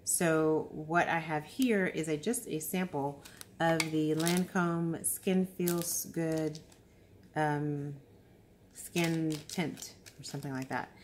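A woman with a low, somewhat sleepy voice talks casually about makeup, hopping between thoughts with ums and restarts. She sounds worn out from a long stretch awake, and faint clicks sit behind her speech. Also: fairly even intonation, takes it slowly, a little mellow, slight background noise. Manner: chatty, rambling, with many ums and restarts. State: tired after a long time awake. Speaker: beauty vlogger. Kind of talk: casual unboxing chat.

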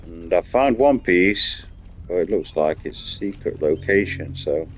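A man's voice: sits low, lively intonation, measured pace. A man chatting casually while streaming a game, telling rambling, sweary stories. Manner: rambling storytelling, swears freely. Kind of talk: casual chat while playing.

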